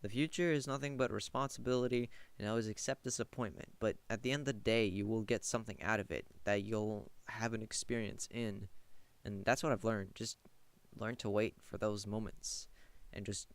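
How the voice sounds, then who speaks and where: A young man talks through his views on a game in a loose, rambling way. His voice sits a little low, and he keeps reaching for "like" between thoughts. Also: fairly even intonation, moderate pace, clean tone, no room sound. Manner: rambling, heavy use of "like". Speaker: gaming commentator. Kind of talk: casual rambling commentary.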